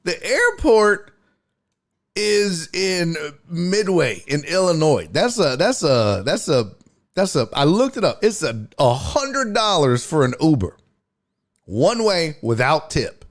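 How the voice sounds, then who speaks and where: A man's voice: a little high, sing-song, slow, long pauses. A male comedian and podcast host telling a story in casual chat, profane and exclaiming.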